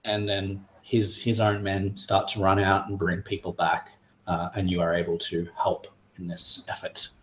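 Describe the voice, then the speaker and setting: A man narrating a tabletop game as game master, halting, with many fillers and restarts. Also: low voice, monotone, a bit bright, roomy sound, a little hiss or hum, low-quality recording.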